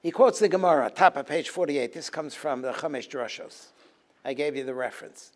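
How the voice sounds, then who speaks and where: Animated rabbi teaching Talmud. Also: male voice, fairly high pitch, brisk. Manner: switches between Hebrew text and English explanation, animated and emphatic. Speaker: rabbi teaching a Tisha B'Av program. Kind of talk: Talmud lecture.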